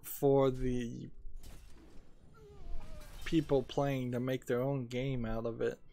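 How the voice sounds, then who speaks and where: A man's voice: medium pitch, level tone, slow pace, creaky, long pauses, mellow. A man casually talking over his gaming video as a small YouTube creator, rambling and hesitant with many fillers, a little sleepy.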